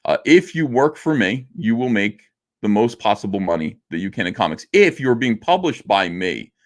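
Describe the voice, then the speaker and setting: A middle-aged man with a fairly low voice chats on a livestream, answering viewers in a loose, joking, self-deprecating way. His talk is full of fillers and restarts, and he drifts between asides. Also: big pitch swings, normal speed. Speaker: livestream host reading super chats. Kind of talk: casual livestream chat.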